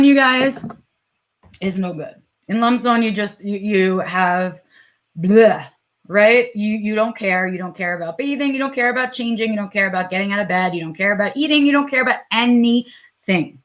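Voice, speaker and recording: A woman with a New York accent hosting a live vlog, talking candidly and unscripted, with plenty of fillers, swearing and acted-out inner monologue. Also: mid-range voice. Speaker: vlog host.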